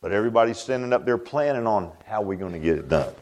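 A man's voice: on the low side, lively intonation, fast, a little mellow. A male pastor preaching a sermon in a folksy, conversational way, asking rhetorical questions and laughing at his own jokes.

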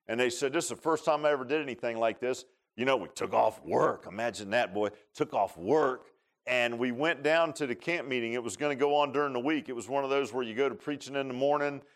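Folksy preacher man telling a story. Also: medium pitch. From Northern Virginia. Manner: folksy storytelling with Southern-style colloquial grammar. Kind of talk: sermon with personal story.

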